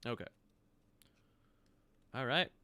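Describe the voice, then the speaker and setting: A man's voice: takes it slowly, bright, forceful tone. A man acting as game master, explaining rules and items in a matter-of-fact way. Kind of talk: narrating a tabletop game.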